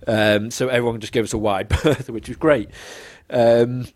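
A man's voice: medium pitch, fairly even intonation, moderate pace. Chatty man telling stories. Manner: chatty, laughing, full of fillers. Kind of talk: casual anecdote.

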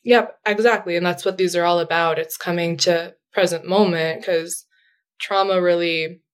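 A woman's voice: lowish voice, fairly even intonation, normal speed. A woman speaking as a therapist guest in a casual interview, explaining things in a chatty way with frequent fillers and light laughs.

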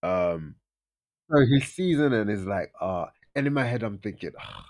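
A man's voice: on the low side, normal speed. Young man telling a story. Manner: animated, acts out friends' lines in raised voices. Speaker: podcast host. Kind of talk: casual storytelling chat.

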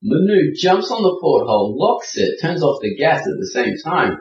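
A man's voice: a little high, normal speed. A man telling a sailing anecdote in a casual, vivid way. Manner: animated, vivid storytelling. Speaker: guest storyteller. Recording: roomy, distant and dull.

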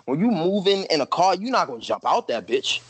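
A man's voice: fairly high pitch, very animated, a little fast, a bit bright, slightly rough, no room sound, poor audio. Slangy young man telling a wild story. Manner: profane slangy storytelling, acts out his own quotes. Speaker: podcast guest telling a story. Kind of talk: casual storytelling chat.

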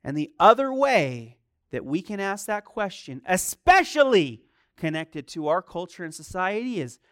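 Preaching man, quiet to loud. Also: very animated, unhurried, no room sound, clean studio sound. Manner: swings from quiet storytelling to loud, high-pitched preaching. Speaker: pastor. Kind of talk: sermon.

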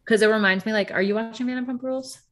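A woman with a frank, animated manner, chatting casually about a reality show and swearing freely. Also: on the high side, very fast. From Puerto Rico.

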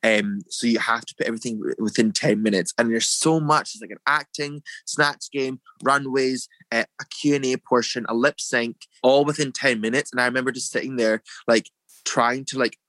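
A man's voice: medium pitch, steady tone, moderate pace, a bit bright, no room sound. A young man with a Scottish accent, a drag performer, chatting in an interview and acting out other people's lines in a raised voice. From Scotland. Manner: chatty, filler-heavy, acts out quotes in a raised voice. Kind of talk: casual storytelling interview.

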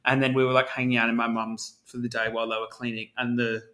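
Bright-voiced man telling stories. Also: medium pitch, fast, reverberant. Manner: animated, swearing, frequent "like" fillers. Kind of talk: casual storytelling chat.

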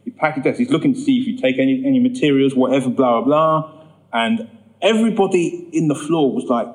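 A man telling his personal testimony in a sermon, acting out the voices in his story and rising high when he gets emphatic. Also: a little fast, poor audio. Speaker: preacher giving testimony.

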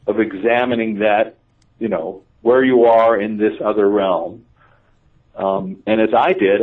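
A man, a radio interview guest, telling a personal story in a lively, self-mocking way and acting out the dialogue. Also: on the low side, distant mic. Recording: tinny phone line, off-mic.

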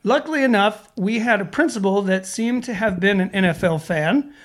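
A man's voice: sits high, moderate pace. A man co-hosting a podcast, chatting casually and reading listener messages aloud in a laid-back, joking way. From Sweden. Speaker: podcast co-host.

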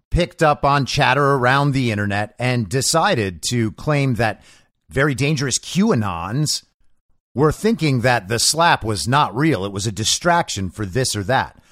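A man's voice: medium pitch, expressive, measured pace, a bit bright, no echo, clean studio sound. A man hosting a commentary monologue, delivering his opinions in a sarcastic, mocking manner. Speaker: show host.

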